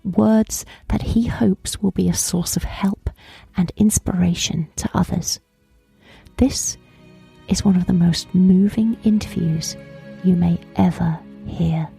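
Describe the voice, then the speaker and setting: Gravelly, dark-voiced woman podcast host. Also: on the low side, fairly even intonation, takes it slowly, faint music behind. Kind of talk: interview podcast.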